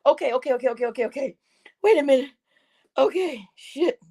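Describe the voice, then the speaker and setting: Woman streamer, high voice, giggly and profane, keeps dissolving into laughter mid-sentence. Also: fairly quick, mellow. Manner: giggly, breaks into laughing fits, swears a lot. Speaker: livestream host. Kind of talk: casual livestream chat.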